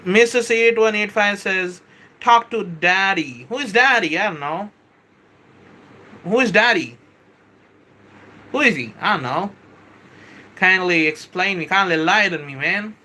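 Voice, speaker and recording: A man hosting a live stream, chatting with viewers, reading their comments aloud and explaining a software model, often saying "bro" and "kindly" and correcting himself as he goes. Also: high voice, animated, measured pace, pauses often. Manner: self-correcting, hesitant restarts. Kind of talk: casual live-stream teaching.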